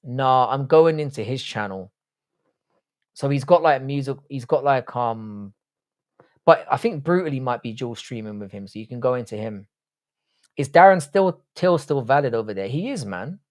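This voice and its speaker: A man of Irish background who grew up in southwest London speaks in a medium-pitched, expressive voice with a darkish tone at normal speed. As a livestream panelist in a casual chat, he reads viewer questions aloud and answers them bluntly, swearing freely.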